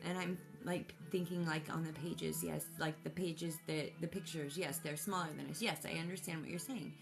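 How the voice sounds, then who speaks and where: A woman with a low, gravelly voice tells a personal story about her child. She rambles emotionally and restarts often. Faint music plays underneath. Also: fairly even intonation, moderate pace. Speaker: mother.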